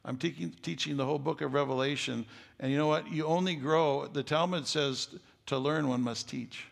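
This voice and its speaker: An older man preaching a sermon as pastor, folksy and joking, building to loud emphatic stretches. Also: a little high, steady tone, normal speed, creaky. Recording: long hall reverb.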